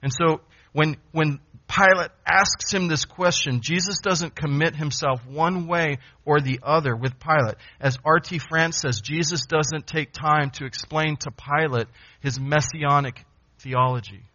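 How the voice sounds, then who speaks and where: A man delivers an expository sermon in a bright, forceful voice that sits a little high. He presses his points with repetition and rhetorical questions, and the recording sounds dull and lo-fi. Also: unhurried. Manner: emphatic, repeats phrases and asks rhetorical questions. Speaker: preacher.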